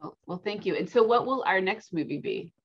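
A woman's voice: mid-range voice, lively intonation, brisk, husky. A woman hosting a casual interview, briefly and amiably prompting her guest. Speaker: host. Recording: dull lo-fi sound.

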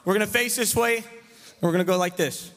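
A man leading a lively children's revival service, joking and teasing the kids while he gives them actions and call-and-response lines. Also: high-pitched, fast. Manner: playful, teasing, loud leader of a crowd of kids. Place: large church sanctuary. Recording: reverberant church hall, faint room noise.

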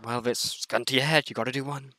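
Guy hosting a jokey call, bright tone, dry close sound. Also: medium pitch, fairly even intonation, no room sound. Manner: teasing, quick to crack up. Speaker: co-host interviewing a friend's dating matches. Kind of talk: casual banter on a video call.

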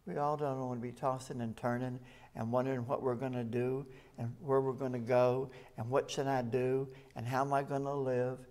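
A man's voice: medium pitch, flat delivery, moderate pace, a little mellow. Man preaching a sermon. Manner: conversational preaching, reads scripture aloud with rising emphasis. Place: rescue mission chapel.

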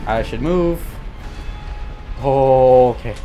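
A man's voice: mid-range voice, normal speed, soft background music. Swearing young man commentating a game. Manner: frustrated, swearing, muttering, bursts of yelling. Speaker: gaming YouTuber. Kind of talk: profane live gameplay commentary.

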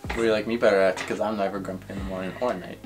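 A man's voice: low voice, rapid-fire, soft background music. A young man chatting casually on his girlfriend's vlog, teasing her and telling stories with energy. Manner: teasing, animated storyteller. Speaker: boyfriend guest. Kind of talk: casual couple chat.

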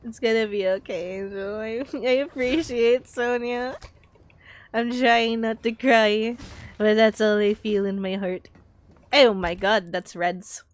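A woman live-streaming a video game, chatting casually and excitably, swearing and talking to herself. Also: a little high, slow.

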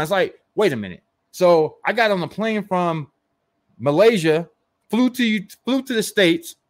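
A man who coaches network marketing gives an animated, emphatic motivational rant, firing rhetorical questions at the listener and mocking hype. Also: high-pitched.

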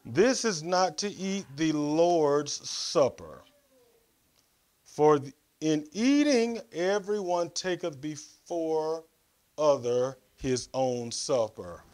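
A man's voice: a little high, lively intonation, slow, a little mellow. A male pastor preaching a sermon, reading scripture aloud, adding comments and giving the congregation instructions.

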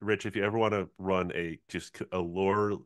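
A man's voice: sits low, steady tone, moderate pace, clear, resonant tone, no room sound, studio quality. A man playing in a tabletop game, recapping his character casually, rambling with many fillers and laughing. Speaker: player. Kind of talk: casual role-play recap.

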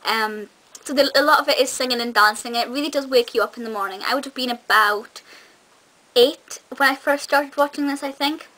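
A woman's voice: high-pitched, fairly quick, sharp tone, low-quality recording. A young woman chatting enthusiastically to camera in a casual review, with frequent ums and restarts. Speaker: video reviewer.

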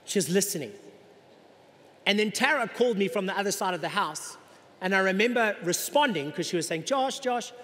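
A middle-aged male pastor preaching a sermon in an animated way, acting out the voices of people in the congregation. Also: high-pitched, brisk. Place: large church hall. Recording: long hall reverb.

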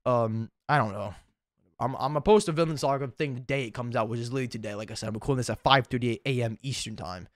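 A young YouTuber with a mid-range voice talks fast, sounding tired, in a clean studio-quality recording with no room sound from a desk mic at home. His unedited vlog is a casual, rambling, self-deprecating chat laced with lots of swearing.

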